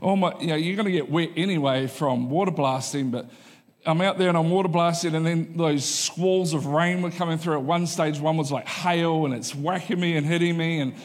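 A pastor delivers a sermon in a fairly quick, somewhat high male voice, keeping it loose, chatty and funny with punchy punchlines he repeats. The church auditorium gives his voice a long, ringing reverb tail.

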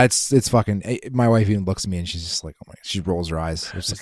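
A man's voice: low voice, quick pace, dry recording, studio quality. A man co-hosting a casual podcast chat, teasing and joking with frequent swearing. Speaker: podcast co-host.

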